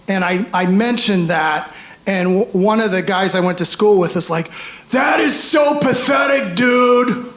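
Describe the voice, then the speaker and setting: A man in his fifties performing a stand-up comedy set on a club stage, animated, acting out voices and shouting punchlines. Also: high-pitched. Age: 50s. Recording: roomy live club sound with faint crowd noise. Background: audience laughter.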